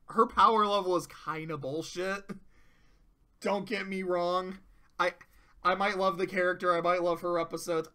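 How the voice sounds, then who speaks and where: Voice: medium pitch, clear, resonant tone. A cartoon reviewer in casual commentary, rambling and swearing freely while retelling an episode. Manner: profane, rambling, animated.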